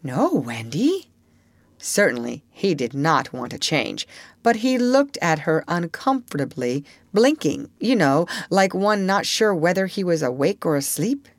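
Woman reading a classic story aloud, low voice that moves around a lot, dry close mic. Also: big pitch swings, a little slow, dry recording. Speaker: audiobook narrator. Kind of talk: scripted storybook narration.

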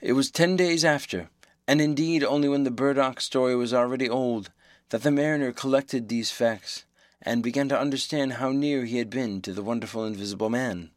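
A man reading a novel aloud as the audiobook narrator, in a measured, even way. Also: medium pitch, dry recording, clean studio sound. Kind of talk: scripted narration.

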